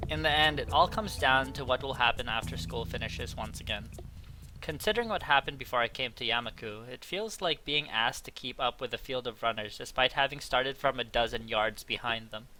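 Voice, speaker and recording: A man's voice: medium pitch, a little fast, sharp tone, soft background music. A young man narrating a visual novel aloud as a let's play host, reading the story lines with casual asides. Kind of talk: casual game read-along narration.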